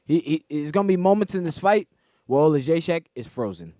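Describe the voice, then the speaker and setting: A man's voice: a little high, expressive, fairly quick, dark tone, dry recording, clean studio sound. A man co-hosting a casual sports betting chat, joking and full of slang. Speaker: comedian co-host.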